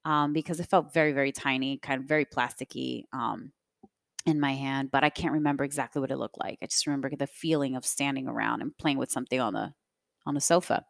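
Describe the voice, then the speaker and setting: A woman's voice: extremely low pitch, fairly even intonation, fast talker, gravelly, no echo, clean studio sound. A young adult woman hosting a podcast, telling a personal story in a reflective, conversational way with many fillers. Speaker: podcast host.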